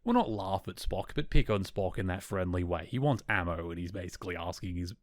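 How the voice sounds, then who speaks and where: A man's voice: low voice, animated, brisk, no room sound. A man hosting a podcast, chatting casually and enthusiastically as he recaps an episode, often correcting himself as he goes. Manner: chatty, enthusiastic, self-correcting, laughs now and then. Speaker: podcast host.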